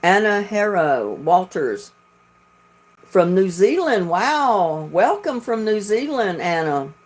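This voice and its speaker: A woman's voice: mid-range voice, very animated, slow. A woman from North Carolina with a Southern accent, chatting casually and telling rambling stories as she hosts a livestream. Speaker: livestream host.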